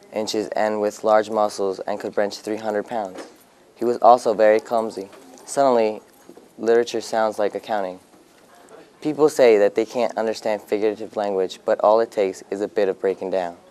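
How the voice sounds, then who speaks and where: A man's voice: lowish voice, darkish tone, smooth. A man giving a classroom-style explanation, walking through examples.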